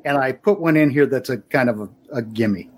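A man's voice: mid-range voice, brisk. A man hosting a podcast interview, reading set questions and teasing his guest dryly. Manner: reads set questions, dry teasing jokes. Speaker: podcast host. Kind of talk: casual interview.

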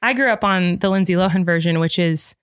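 A woman's voice: lowish voice, a little fast, smooth, no echo, clean studio sound. A woman in her thirties co-hosting a podcast, chatting casually and gushing with playful exaggeration. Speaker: podcast co-host. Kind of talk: casual chat.

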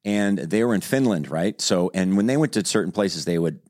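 A man's voice: sits low, fairly quick. A man hosting a podcast, telling a story in casual chat and acting out the quotes with energy. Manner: animated storyteller who acts out quotes. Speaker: podcast host.

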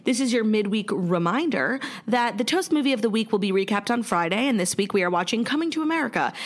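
Young woman, podcast co-host, casual chat, lots of fillers, middling pitch, recovering from a stomach bug. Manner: chatty, many fillers, swears freely.

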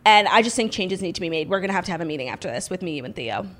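A young woman co-hosts a podcast in a fairly low, expressive voice, talking rapid-fire. Her casual chat is full of "like" and "um" fillers.

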